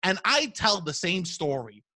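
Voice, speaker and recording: A man, hosting a podcast in casual chat, loud and profane, telling animated stories. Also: sits high, measured pace. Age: 30s. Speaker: podcast host.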